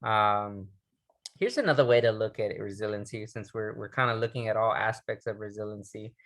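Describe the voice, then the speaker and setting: A man's voice: on the low side, fairly bright tone. A man giving a recorded resilience training lesson, talking casually with restarts and asking the listener questions. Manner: conversational, restarts words, reads poetry slowly and dramatically.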